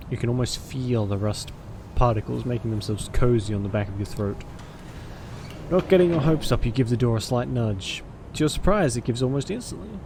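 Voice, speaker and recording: A man's voice: medium pitch, darkish tone, slight background noise. A man streaming a story game, reading its narration aloud with dramatic flair and breaking off for cursing asides.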